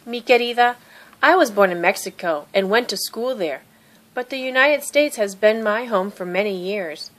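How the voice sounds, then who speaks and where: A woman voicing an eighty-year-old great-aunt, gentle, proud and wise, speaking tenderly and earnestly in a storybook reading. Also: mid-range voice, animated, normal speed, natural voice.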